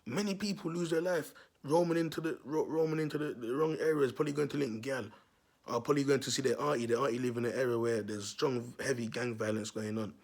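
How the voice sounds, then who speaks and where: A man's voice: medium pitch, quick pace. A man, a vlogger telling a neighbourhood story to his viewers in a slangy, repetitive way.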